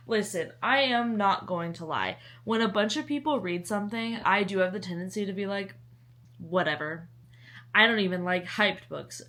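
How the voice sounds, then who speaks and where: A woman's voice: medium pitch, a bit bright. A young woman from the American South with a Southern accent, chatting casually in a book vlog, bubbly and dramatic, swinging into laughter. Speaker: book vlogger.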